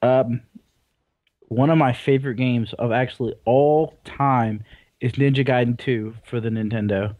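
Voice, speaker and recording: A man's voice: mid-range voice, fairly even intonation, measured pace, no echo, narrow, tinny audio. A young man co-hosting a casual gaming podcast, rambling and teasing in a laid-back way. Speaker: podcast co-host.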